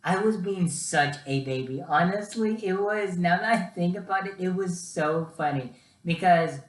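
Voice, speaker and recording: A man's voice: high voice, moderate pace. Chatty young man in an echoey room. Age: young adult. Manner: chatty, keeps addressing viewers as guys. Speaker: vlogger. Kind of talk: casual storytelling vlog.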